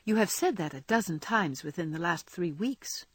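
A woman's voice: lowish voice, expressive, normal speed, husky, dry recording. A woman voicing an earnest young woman who lectures her friend, in a storybook reading. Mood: lecturing.

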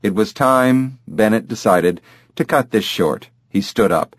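Brief: male audiobook narrator, lower voice, dry close recording, steady read. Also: measured pace, dry recording. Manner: steady, even storytelling. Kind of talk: scripted narration.

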